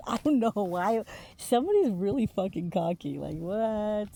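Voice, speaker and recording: A woman's voice: mid-range voice, expressive, unhurried, mellow, slight background noise. A woman giving a casual tarot reading, chatty and laughing often, swearing freely between many fillers. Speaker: intuitive tarot reader.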